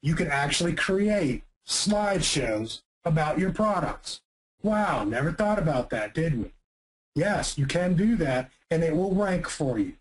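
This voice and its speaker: A man giving an energetic marketing presentation, emphatic and punchy, often asking rhetorical questions. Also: fairly high pitch, measured pace, low-quality recording.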